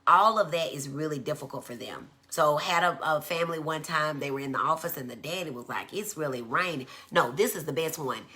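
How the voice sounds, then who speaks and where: A woman gives a conversational teaching talk in a low voice. Her tone is bright and forceful. She acts out quoted speech in a high voice. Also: animated, brisk, hardly any pauses. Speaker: physician giving a talk. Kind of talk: live-streamed educational talk. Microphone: phone.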